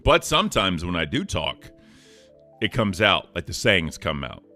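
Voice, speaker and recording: Deep-voiced guy cohosting a stream, upbeat, thanks the chat a lot, forceful tone. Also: very animated, measured pace, faint music behind. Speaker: co-host. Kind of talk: casual livestream chat.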